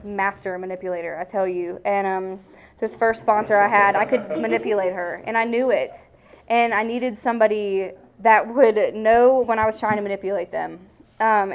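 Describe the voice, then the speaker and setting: A woman's voice: medium pitch, clean tone. Blunt young woman telling a recovery story. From American South. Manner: blunt and frank, with casual swearing and many fillers. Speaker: speaker sharing recovery story. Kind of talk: candid personal testimony.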